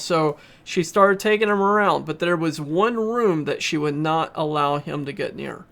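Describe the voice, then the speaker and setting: Gravelly man earnestly retelling a story. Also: on the high side, a little slow, few pauses, a bit bright. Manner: earnest storyteller, frequent uh fillers. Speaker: podcast reviewer. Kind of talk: casual spoken retelling and commentary.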